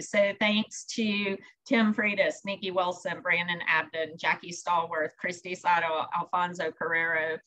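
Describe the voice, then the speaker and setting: Woman host, bright and upbeat, encouraging over a video call. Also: on the low side, little pitch movement, unhurried, hardly any pauses, low-quality recording. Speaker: session host. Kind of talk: welcoming host remarks.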